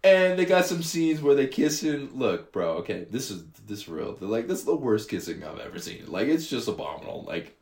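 A man's voice: mid-range voice, big pitch swings, fairly quick, few pauses, darkish tone, reverberant. A young man co-hosting a podcast, recapping a movie in laid-back slang and acting out the characters' lines. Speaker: podcast co-host. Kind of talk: casual movie recap chat.

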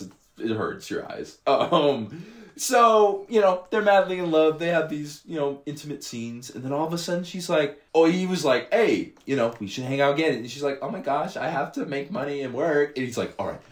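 A man's voice: on the high side, expressive, a little fast, echoey room. Young man slangily recapping a bad movie. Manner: laid-back slangy storytelling, acts out lines. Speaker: podcast co-host. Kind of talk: casual movie recap chat.

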